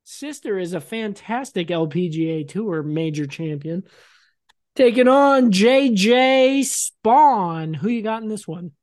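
This is a woman hosting a casual podcast. She runs a bracket game for her co-host and introduces each pairing with playful, announcer-like flourishes. Her voice sits at a middle pitch, and it is recorded very dry, with no room sound. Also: expressive, slow pace, a little mellow, no room sound. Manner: playful, announcer-like build-ups of names. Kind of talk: casual chat, running a sports bracket game.

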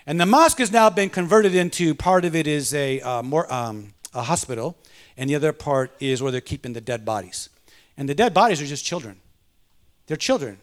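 A man's voice: sits high, fairly bright tone. A male pastor preaching a sermon and telling a personal story, fervent and calling out to the congregation. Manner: fervent, punctuates with call-outs to the congregation.

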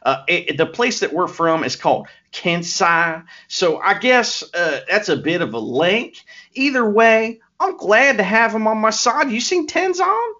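A man's voice: high-pitched, animated, unhurried, pushed and bright, highs cut off, pitched above the performer's own voice, heavily acted. A man putting on the voice of a cocky young male pro wrestler, swaggering and jokey, with a put-on Southern US drawl. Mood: boastful.

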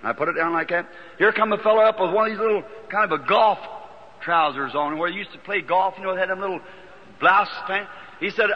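A man preaching in a folksy, animated storytelling manner, with a Southern Indiana accent. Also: sits high, brisk. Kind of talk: sermon storytelling. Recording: old lo-fi recording in a reverberant hall.

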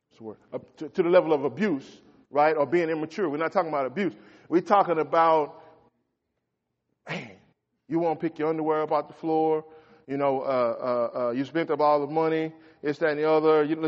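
A middle-aged man preaching a folksy sermon as a pastor, swinging between shouts and quiet asides. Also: fairly high pitch. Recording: echoey hall, dull lo-fi sound.

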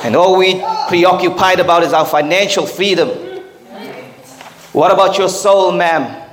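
A man's voice: high-pitched, unhurried. A male pastor preaching a sermon in an emphatic style, driving his points home with rhetorical questions. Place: church hall with congregation. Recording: echoey hall with congregation responding.

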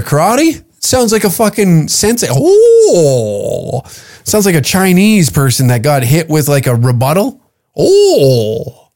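A man's voice: high voice, a little mellow. A man hosting a podcast, ranting in a profane, mocking, incredulous tone as he reacts to a clip. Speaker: podcast host. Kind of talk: comedic reaction rant.

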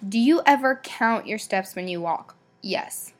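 A woman's voice: mid-range voice, animated, a little slow. A young woman hosting a podcast, chatting casually and bluntly with lots of swearing, ums and likes. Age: young adult. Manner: blunt, swears a lot, rambling; filler-heavy, many ums and likes. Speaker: podcast host. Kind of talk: casual solo podcast chat.

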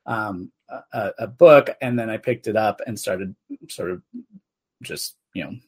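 A man's voice: lowish voice, unhurried, a little mellow, breathy edge. A man hosting a podcast in casual chat, hesitant with many fillers. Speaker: podcast host.

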